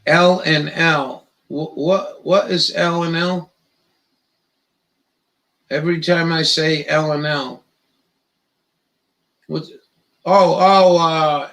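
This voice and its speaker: A man hosting a casual live stream, rambling in a profane, halting way with lots of restarts. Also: fairly high pitch, fairly even intonation, a bit bright, poor audio.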